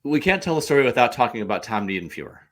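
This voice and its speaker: A man from the St. Louis area, a podcast guest, telling stories in an animated, rambling way with lots of restarts. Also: medium pitch, fast. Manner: animated, digressive storyteller. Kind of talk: casual chat.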